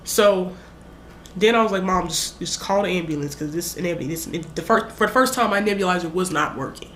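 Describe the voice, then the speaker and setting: Speaking a little fast in a fairly low voice, this young female vlogger animatedly rambles through a story, performing her own quoted lines. Slight background noise sits under the echoey room sound.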